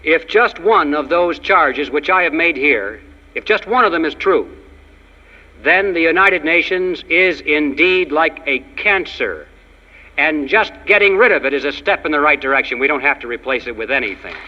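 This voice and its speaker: A man delivers an emphatic political speech with ironic asides, his fairly high voice ringing through a reverberant hall. The old recording sounds dull and lo-fi. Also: moderate pace. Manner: emphatic, ironic, tells jokes. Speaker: public speaker.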